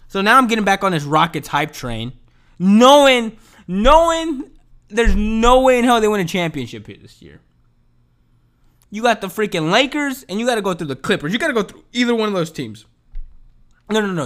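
Podcast host, male. Pitched a bit high, cusses freely, rambles, and swings between mumbling and loud fired-up bursts. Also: normal speed, pauses often. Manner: profane, rambling, swings from mumbling to excited outbursts. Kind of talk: casual solo podcast rant. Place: home.

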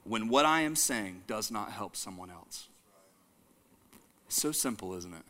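A man preaching a sermon, animated, joking and calling the congregation to say lines back. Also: fairly low pitch, unhurried. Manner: jokes and laughs with the audience. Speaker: pastor.

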